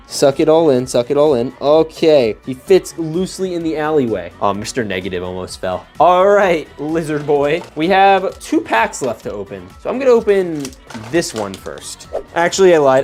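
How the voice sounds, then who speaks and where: Lively, jokey man unboxing toys. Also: medium pitch. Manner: playful, jokey, talks to himself while building. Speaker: LEGO unboxing YouTuber. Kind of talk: casual unboxing commentary.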